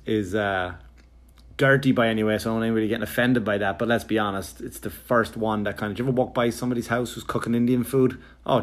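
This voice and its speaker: A man, a touring comedian, telling a long story in a rambling, sarcastic, profane way, full of fillers and quoted exchanges. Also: fairly low pitch. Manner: animated, jumping into quoted exchanges. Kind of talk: casual comedic storytelling monologue.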